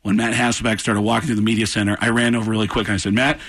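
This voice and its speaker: A man, a comedian on a radio show in the studio, telling animated stories and acting out the people in them. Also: lowish voice, rapid-fire, slightly rough. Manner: excitable, acts out voices in the story. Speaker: comedian guest.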